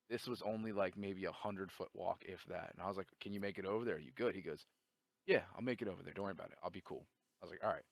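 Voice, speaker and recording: A man's voice: low-pitched, no echo. Profane casual man telling a story. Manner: profane, animated storytelling with quoted dialogue.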